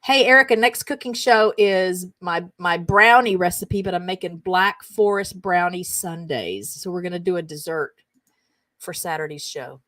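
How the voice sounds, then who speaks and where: A woman's voice: on the low side, normal speed, fairly bright tone, no echo. A woman hosting a casual show, reading funny text messages aloud and chatting about them in an amused way. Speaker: host of a comedy roundup show.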